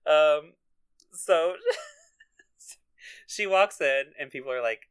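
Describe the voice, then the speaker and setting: A woman's voice: low-pitched, extremely slow, smooth. Giggly woman recapping a TV episode. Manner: giggly, laughs often while retelling scenes. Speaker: podcast co-host. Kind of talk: casual chat recapping a TV episode.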